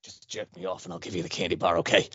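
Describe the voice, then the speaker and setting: A man's voice: steady tone, pushed and bright, breathy edge, no room sound, dull audio, heavily acted. A man doing a creepy sleazy candy man. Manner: low, quick and sleazy. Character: creepy low-voiced man offering candy.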